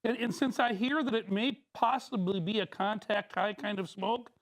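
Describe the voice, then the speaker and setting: A woman's voice: mid-range voice, steady tone, normal speed, natural voice. A woman playing a bumbling TV news anchor who stammers and repeats words, in an improv comedy scene.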